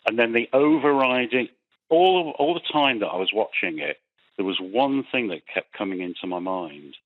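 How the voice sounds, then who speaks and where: Male caller, low voice, anxious and halting, tinny dry phone line. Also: animated, no echo. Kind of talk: phone-in call.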